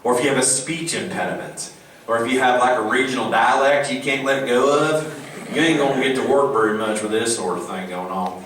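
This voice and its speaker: A man on a convention panel, talking casually as a voice actor, animated and jokey. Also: mid-range voice, brisk, far from the mic, slight background noise. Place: convention hall. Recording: very echoey hall, recorded from afar.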